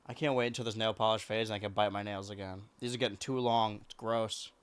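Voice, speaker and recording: A man's voice: on the low side, steady tone, quick pace, clear, resonant tone. Chatty male streamer cooing at cats. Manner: chatty, coos and baby-talks to his cats. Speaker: live streamer. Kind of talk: casual stream chat.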